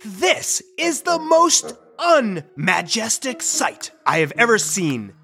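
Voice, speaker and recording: Lady doing a stuck-up pegasus guy, slow and sneering. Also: fairly high pitch, big pitch swings, vocal fry, fairly bright tone, faint music behind, voice pushed up, exaggerated voice. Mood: disdainful. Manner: disdainful, scolding. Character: haughty male winged horse, stern.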